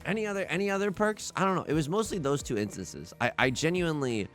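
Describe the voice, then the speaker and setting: A young man talks casually over a game, his pitch jumping up and down as he tells stories and breaks off mid-sentence to restart. He laughs at his own jokes and slides between anecdotes and play-by-play. Faint music plays underneath. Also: lively intonation, fast talker, fairly bright tone. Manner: rambling storyteller, self-interrupting, laughs at his own stories. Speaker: let's play host. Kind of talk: casual gameplay commentary.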